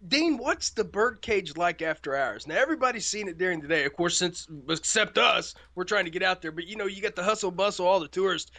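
A boisterous radio co-host with a Midwestern Indiana twang and a notably high voice. He keeps the banter loose, calls everyone brother, and carries a sharp, bright tone. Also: expressive, fairly quick, few pauses. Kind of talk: paranormal radio show banter.

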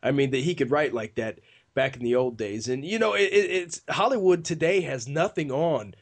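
A man's voice: medium pitch, animated, normal speed. A man co-hosting a paranormal talk radio show, chatting casually, enthusiastic and effusive, often tossing in "man.".

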